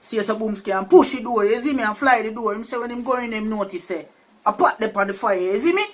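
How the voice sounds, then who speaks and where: Jamaican male storyteller, high pitched, loose and conversational. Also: fast talker. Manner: chatty, keeps asking "you see me?". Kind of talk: casual storytelling.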